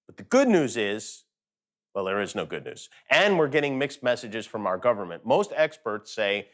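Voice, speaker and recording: A man's voice: lowish voice, very animated, normal speed, a bit bright. A man hosting a late-night show, delivering a sarcastic comedic monologue from home.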